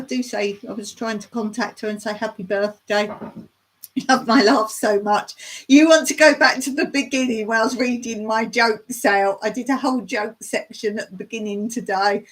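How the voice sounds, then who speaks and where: Slow-talking, chatty woman streaming live. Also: on the high side. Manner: chatty, rambling, reads viewer chat aloud and laughs often. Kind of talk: casual live stream chat. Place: home in the countryside.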